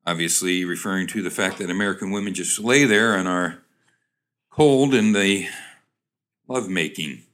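A man casually reading old jokes aloud and describing cartoons, wry and halting with many restarts. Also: deep voice, a bit bright.

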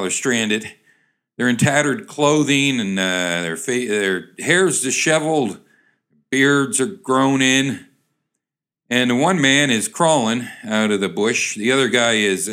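A man casually reading old jokes aloud and describing cartoons, wry and halting with many restarts. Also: medium pitch, fairly bright tone.

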